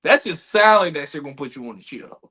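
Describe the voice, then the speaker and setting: Man, podcast host, high voice, very lively swings, profane laughing banter. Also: fast, breathy edge. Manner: animated, profane, laughing storyteller.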